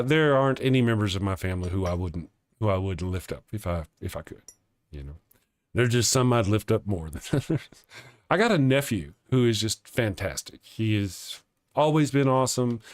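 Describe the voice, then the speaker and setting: A man's voice: mid-range voice, animated, normal speed, no room sound, studio quality. A man hosting a live stream in casual chat, rambling and chuckling as he reads viewer comments aloud. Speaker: live-stream show host.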